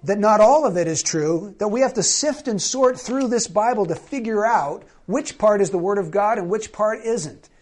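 Pastor guy with a high voice preaching, chatty, keeps asking the crowd stuff. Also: expressive, moderate pace, hardly any pauses, a little mellow. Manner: conversational, asks the congregation questions. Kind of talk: sermon.

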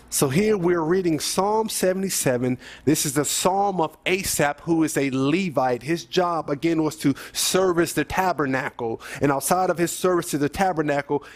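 A man preaching a sermon, reading scripture and earnestly exhorting his listeners. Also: a little high.

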